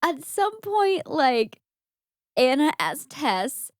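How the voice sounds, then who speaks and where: Bright, giggly young woman co-host; high-ish, very lively pitch, dry close mic. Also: very slow, no echo. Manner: giggly, animated, acts out movie lines. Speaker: podcast co-host. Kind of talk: casual movie recap chat.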